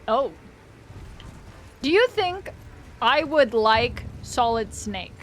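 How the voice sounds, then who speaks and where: A woman's voice: a little high, very animated, very slow, slight background noise. A woman streaming a game live, chatting casually with her viewers, swearing freely and laughing often. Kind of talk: casual live-stream chat while gaming.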